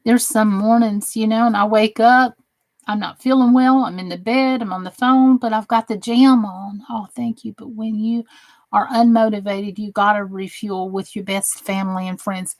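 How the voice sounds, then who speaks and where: A woman's voice: mid-range voice, fairly even intonation, normal speed, no echo. A woman with a Southern US accent hosting a crafting channel, chatting casually with viewers, sarcastic and teasing at times and earnestly encouraging at others.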